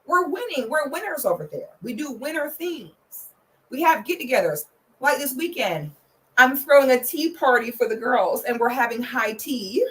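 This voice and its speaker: A young woman with a somewhat high voice talks straight into the camera like a blunt big sister, sassy and profane. Her casual commentary swings between dry lectures and loud, playful shouting. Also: expressive, normal speed, low-quality recording. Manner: bursts into loud playful shouting when pitching her membership. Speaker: vlogger commenting on celebrity relationships.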